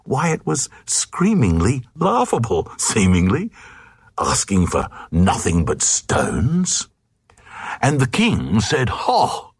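A man's voice: lowish voice, huge pitch swings, slow, slightly rough, dry recording, studio quality. A man reading a comic narrative poem aloud in a rhythmic, sing-song recitation.

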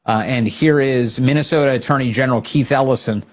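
Male political talk host, husky, emphatic commentary, fired up at times. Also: mid-range voice, fairly quick. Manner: emphatic, grows loud and excited when rallying.

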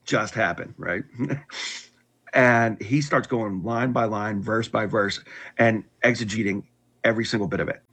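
Middle-aged guy, kinda husky voice, talking plainly about his life, lots of restarts. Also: fairly low pitch, unhurried, a bit bright. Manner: candid, with frequent restarts and wry laughs. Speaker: guest telling his conversion story. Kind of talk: casual personal storytelling.

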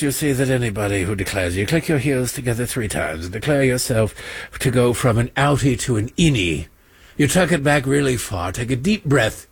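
Sarcastic, animated male talk host. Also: medium pitch, breathy edge, dry recording. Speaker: political talk show host. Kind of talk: opinionated monologue with mocking impressions.

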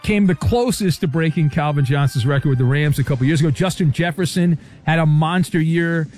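High-pitched wry radio host, man. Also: darkish tone, faint music behind. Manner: wry, quick quips, fillers. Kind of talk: casual radio show banter.

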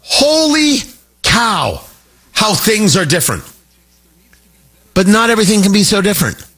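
A middle-aged man hosting a talk radio show, animated and jokey, wandering off on tangents. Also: high voice, a little fast, breathy edge, soft background music. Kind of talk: opinionated talk radio monologue.

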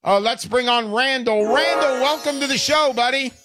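A male radio show host giving an emphatic, repetitive, hard-selling pitch between calls. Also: normal speed, music in the background. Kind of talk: talk radio sales pitch.

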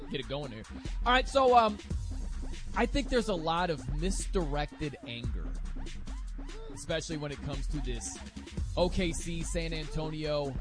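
A man hosting sports talk radio in an energetic, emphatic, opinionated way from a studio. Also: fairly high pitch.

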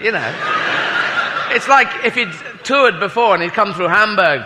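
A man's voice: sits high, very animated, normal speed. A man doing a rambling, profane stand-up routine, interrupting himself with mock outrage. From Britain. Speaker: stand-up comedian. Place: large comedy venue with audience. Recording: long hall reverb with loud audience noise.

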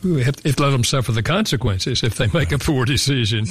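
A man's voice: mid-range voice, fairly quick, husky. An older man, a guest author in an interview, telling a personal story in an earnest, reflective way and often repeating words as he goes.

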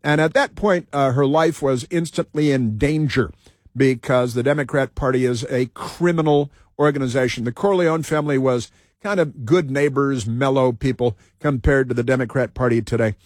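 A man's voice: medium pitch, moderate pace, no room sound, studio quality. A man hosting a talk radio show, reading off a list with sarcastic, combative asides and frequent fillers.

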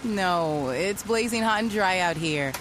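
A woman's voice: fairly low pitch, animated, measured pace, a bit bright, a little hiss or hum, poor audio. An actress playing a wife chiding her husband outdoors in a public service ad.

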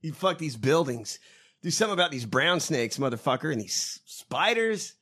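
A man co-hosting a casual commentary chat with a high, bright voice. His pitch swings widely as he jokes, swears freely and mocks the news. He laughs often. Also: very animated, normal speed, husky. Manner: profane, mocking, laughs often. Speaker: co-host.

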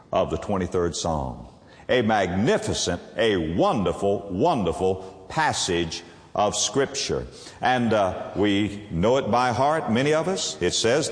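A man preaching a sermon, leaning hard on single words and drawing them out for emphasis. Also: lowish voice. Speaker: pastor. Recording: echoey hall with long reverb.

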